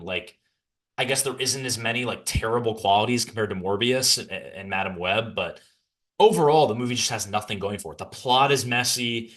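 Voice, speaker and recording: A young man hosts a podcast and rants his way through a casual film review. He talks in an animated rush, stumbles into restarts and wanders off into asides. His voice sits at a middling pitch.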